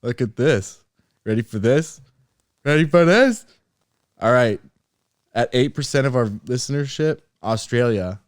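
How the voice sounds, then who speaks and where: A man co-hosting a casual podcast, chatting playfully and getting excitable as he gives shout-outs to listeners. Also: medium pitch, moderate pace, no room sound, clean studio sound. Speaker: podcast co-host. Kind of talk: casual chat. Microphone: studio microphone on camera.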